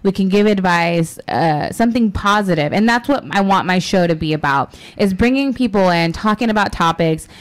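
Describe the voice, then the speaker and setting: A young woman hosting a radio talk show, chatting casually and fast with a lot of fillers and giggles. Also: mid-range voice, expressive.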